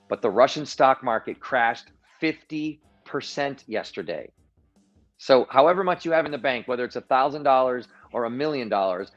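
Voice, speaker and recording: Male livestream guest, mid pitch, animated storyteller with frequent restarts, dull lo-fi audio with faint music. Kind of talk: political commentary on a livestream. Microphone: video call.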